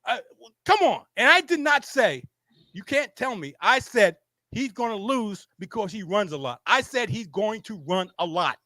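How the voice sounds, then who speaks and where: At normal speed, a male show host with a high, sing-song voice that sounds pushed and bright argues heatedly on a sports program. He is insistent and repetitive, restarting sentences with stammers. He faces a camera, with no echo.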